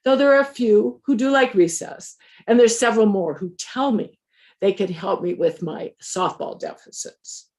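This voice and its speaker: A woman, once a teacher, telling a personal story in a conversational, measured way with dry humor. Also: medium pitch, a little mellow.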